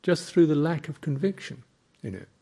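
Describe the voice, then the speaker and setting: A man, a Buddhist monk, giving a slow, reflective dharma talk with thoughtful pauses. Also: on the high side, sing-song, mellow, breathy edge.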